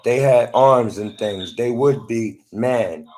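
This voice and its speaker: A man's voice: mid-range voice, slow, darkish tone. A man talking to a phone in a rambling monologue, often repeating and restarting his words.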